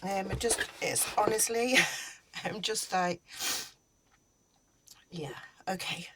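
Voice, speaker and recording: A woman who makes crochet videos, halting and teary as she talks through an unboxing, with many ums and restarts. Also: medium pitch, very noisy. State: teary and emotional. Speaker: crochet YouTuber. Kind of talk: casual unboxing vlog.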